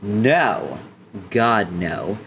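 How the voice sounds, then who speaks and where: A man's voice: on the low side, sing-song, very slow, background noise, full character voice. A man voicing a brash, arrogant teenage troll girl who talks bluntly and bosses others around. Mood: bossy. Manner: bossy, blunt.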